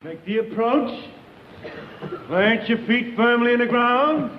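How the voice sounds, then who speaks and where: A man playing a fussy golf coach, giving drawn-out instructions in an old recording. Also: extremely high pitch, expressive, roomy sound, in a large hall, highs cut off, slight background noise, heavily acted.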